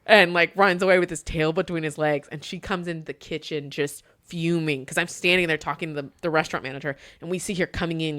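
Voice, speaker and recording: A woman who manages a hotel front desk, telling a story in a casual chat, laughing often and acting out the people she quotes. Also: lowish voice. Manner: animated, laughs often, acts out quoted dialogue.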